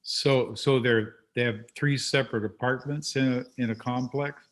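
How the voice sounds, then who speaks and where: Chatty male host, animated storyteller. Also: mid-range voice, normal speed. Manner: chatty, animated when telling stories. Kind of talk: casual interview chat.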